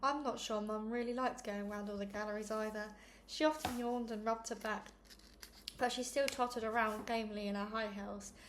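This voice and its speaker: A chatty, upbeat woman introducing and then reading a children's book aloud. Her voice sits a little high, and there is a faint hiss behind it. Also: steady tone, normal speed. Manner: chatty and upbeat, self-deprecating. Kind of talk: casual intro, then read-along narration.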